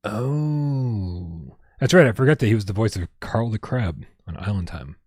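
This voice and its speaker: A man's voice: on the low side, expressive, unhurried, a little mellow, breathy edge, dry recording, clean studio sound. A man hosting a casual gaming livestream at home, rambling and reading out viewer tips with lots of restarts. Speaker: livestream host.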